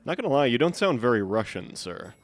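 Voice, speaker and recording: A man's voice: mid-range voice, big pitch swings, a little fast. A man streaming a game live, chatty and joking, thinking aloud as he plays. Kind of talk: live gameplay commentary.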